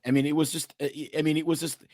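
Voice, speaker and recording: A man's voice: on the high side, little pitch movement, quick pace, mellow, no room sound, clean studio sound. A man hosting an interview podcast who asks long, rambling questions full of hesitations. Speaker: podcast host. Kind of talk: interview conversation.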